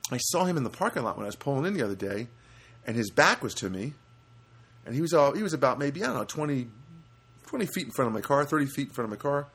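A man telling a rambling comic anecdote, stopping for asides and jumping up in pitch to mimic other people and sounds. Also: husky. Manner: animated, jumps to high pitch for quoted voices and honk sounds; rambling with frequent restarts and asides. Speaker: comedic storyteller.

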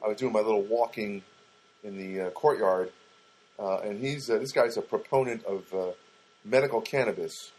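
A man's voice: lowish voice, normal speed, darkish tone, breathy edge, rough recording. A man telling a rambling, casual story about his week, with frequent restarts.

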